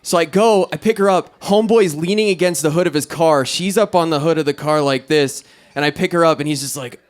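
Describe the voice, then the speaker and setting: A man's voice: a little high, brisk. A young man doing stand-up at an open mic, telling a long profane story and acting out the other people in it. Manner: profane, rambling, animated storytelling with quoted voices. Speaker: stand-up comic. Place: small club stage.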